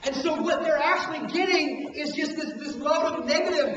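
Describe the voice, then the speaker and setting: A man preaching a sermon on parenting, switching between acted-out scolding and hushed emphasis, recorded from a distant camcorder. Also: extremely high pitch, fairly quick, few pauses, background noise. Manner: animated preaching, acts out parents and coaches, drops to hushed emphasis. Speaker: pastor. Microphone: handheld camcorder from the room. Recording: echoey hall, distant camcorder mic, dull sound.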